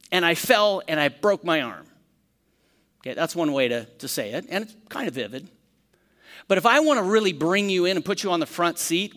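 A man teaching a Bible study as pastor, talking conversationally, asking the room questions and acting out quick lively storytelling examples. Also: high voice, big-room sound.

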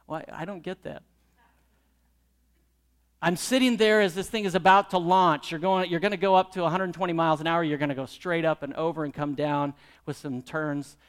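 A man's voice: a little high, steady tone, moderate pace, clean tone. A middle-aged man preaching a sermon, telling a personal story and then pressing the congregation with pointed rhetorical questions. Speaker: pastor.

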